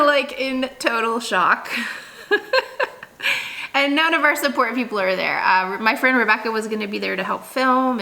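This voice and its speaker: A woman's voice: medium pitch, bright, forceful tone. A woman in her thirties, a vlogger, telling a story in a chatty, casual way with lots of fillers and laughs.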